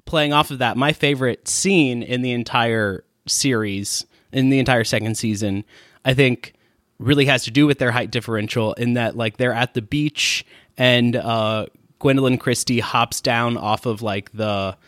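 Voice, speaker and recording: A man of middle pitch talks casually and wryly, with quick asides. The sound is close and dry, with no room echo. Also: a bit bright. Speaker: podcast co-host. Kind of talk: casual critical chat.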